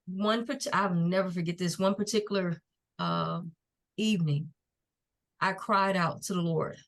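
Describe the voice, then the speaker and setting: A middle-aged woman, a podcast guest and nonprofit founder, telling her personal story in an earnest, faith-filled and unhurried way. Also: on the low side, steady tone, creaky, fairly bright tone. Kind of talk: personal testimony in a podcast interview.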